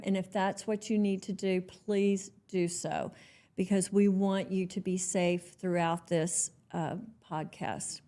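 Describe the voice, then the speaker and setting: A woman hosting an interview podcast, speaking in a measured, earnest way as she introduces the topic and gives careful guidance. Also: mid-range voice, darkish tone. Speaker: podcast host.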